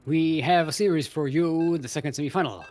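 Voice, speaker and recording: A man's voice: a little high, fairly quick, darkish tone, faint music behind. A young man casually casting a live game tournament, chatty and rambling, laughing often and a bit out of breath. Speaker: esports caster.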